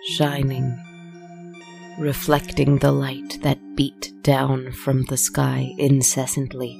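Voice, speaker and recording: A storyteller reading a dark tale in a slow, solemn, measured way. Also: mid-range voice, monotone, creaky, over music. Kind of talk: scripted story narration.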